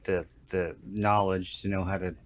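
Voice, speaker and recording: Rambling low-voiced male podcast host. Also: flat delivery, moderate pace, no room sound. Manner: rambling, self-interrupting, jokey. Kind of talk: casual chat.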